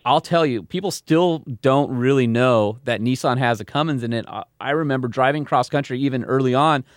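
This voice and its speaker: A man's voice: medium pitch, fairly quick, no echo, clean studio sound. A young man co-hosting a podcast, talking enthusiastically and laughing often. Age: young adult. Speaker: podcast co-host. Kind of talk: casual podcast chat.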